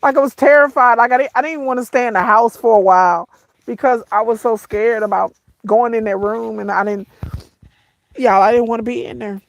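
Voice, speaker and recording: Her voice slightly high, fairly even in intonation, and gravelly, a woman vlogger tells her viewers a painful story through tears. The recording is dry. She halts, repeats herself, says "y'all," and her voice breaks at times.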